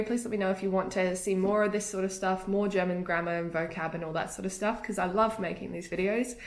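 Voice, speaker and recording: A young woman, a native English speaker, giving casual spoken tips on pronunciation in a chatty way and laughing easily. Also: mid-range voice. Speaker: language tips vlogger. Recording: echoey room.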